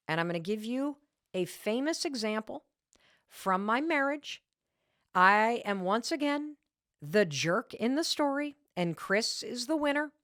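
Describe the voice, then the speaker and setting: A woman's voice: medium pitch, expressive, moderate pace, a bit bright, no echo, clean studio sound. A middle-aged woman hosting a podcast, telling a candid, self-mocking story in a casual way and acting out the quoted lines. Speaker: podcast host.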